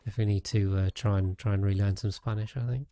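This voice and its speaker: Low-voiced man rambling over gameplay. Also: steady tone, quick pace, dark tone, slight background noise. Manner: rambling, thinking aloud with restarts. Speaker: game streamer. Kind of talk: casual gameplay commentary.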